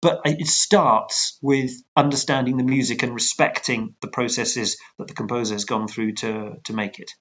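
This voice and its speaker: Guest: male choral conductor, animated and digressive, muffled video-call sound. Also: medium pitch, moderate pace, hardly any pauses. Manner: animated, digressive, with lively asides. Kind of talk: conversational explaining.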